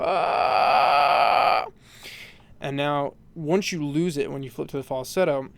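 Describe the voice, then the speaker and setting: A man's voice: mid-range voice, a little mellow. A man explaining a vocal technique in a casual, rambling tutorial, full of fillers and "you know".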